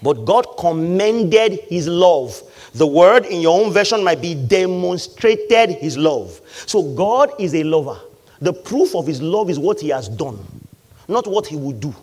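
A man preaches a sermon in a high, animated voice. His pitch swings widely as he hammers home key lines. He slips into the voices of his listeners to make his point. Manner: emphatic preacher, repeating lines and acting out the congregation. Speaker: pastor.

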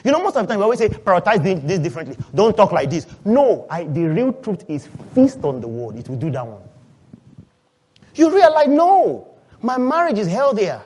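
Man preaching, high voice, loud then hushed, questions to the congregation, church sermon. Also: very animated, brisk, breathy edge. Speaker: pastor.

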